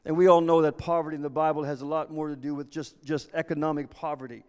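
A man's voice: a little high, little pitch movement, fast talker, clear, resonant tone. A man preaching a sermon as pastor, earnest and repeating himself as he restarts phrases. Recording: long reverb of a large hall.

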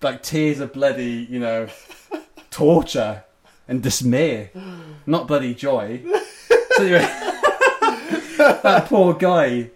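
A man in an easy, rambling podcast chat, breaking into laughter as he talks. His voice sits at a middling pitch and he swears mildly in passing. It sounds like relaxed banter between friends. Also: slow pace, very noisy. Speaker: podcast host. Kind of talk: casual chat.

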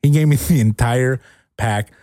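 A man's voice: medium pitch, unhurried, no echo, studio quality. A man co-hosting a podcast, teasing his guest in casual chat and laughing often. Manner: animated, teasing, laughs a lot. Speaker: podcast co-host.

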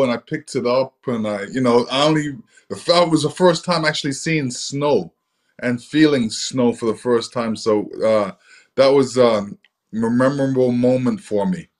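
A man from England sits as the guest in an interview. His voice sits at an ordinary middle pitch. He tells stories from his past in a relaxed, rambling way, full of fillers. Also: a little slow. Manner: easygoing, many fillers like "you know". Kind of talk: relaxed storytelling.

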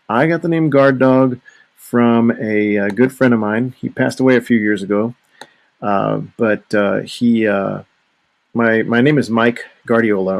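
Gravelly low-voiced man, rambling. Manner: rambling, restarts often. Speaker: podcast host. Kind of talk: casual solo podcast monologue.

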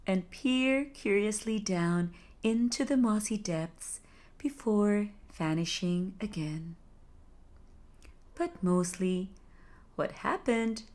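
A woman narrating a folktale as a soothing bedtime story, soft and hushed, at times slipping into a whisper. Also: mid-range voice.

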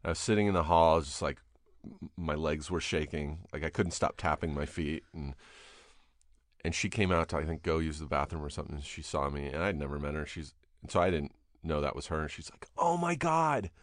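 Low-voiced man telling stories. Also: brisk, no echo, studio quality. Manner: storytelling with animated impressions, swears often. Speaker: podcast host. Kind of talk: casual chat.

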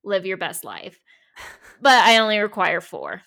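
A woman co-hosting a podcast in casual chat, relaxed and dry, often giving short agreeing replies. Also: mid-range voice, a little slow, creaky. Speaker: podcast co-host.

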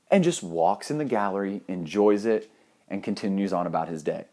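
A young man telling a funny personal anecdote in an animated, profane, self-mocking way. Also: lowish voice, normal speed. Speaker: storyteller.

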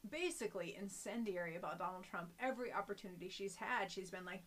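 A woman's voice: medium pitch, lively intonation, fast, fairly bright tone. A woman co-hosting a podcast, chatting casually and laying out an argument articulately. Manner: articulate, argues a point at length. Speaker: podcast co-host. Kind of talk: casual chat.

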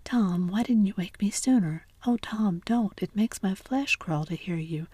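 A woman's voice: medium pitch, a little slow, mellow, husky, dry recording. Woman whispering as an anxious little brother. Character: younger brother, anxious, tattling. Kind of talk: whispered role-play.

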